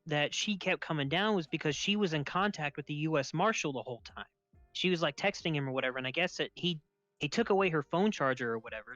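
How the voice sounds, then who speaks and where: A man's voice: on the high side, a bit bright, dry recording. A young man with a slightly raised voice tells a story in loose, casual chat, laughing often and swearing freely. The sound is dull and lo-fi, close and dry with no room around it. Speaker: podcast host.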